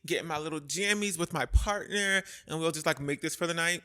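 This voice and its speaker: A young man chatting on a casual vlog from his home kitchen, animated and playful. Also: on the high side, brisk, clear, resonant tone. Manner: animated, playful, slipping into comic voices. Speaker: vlogger.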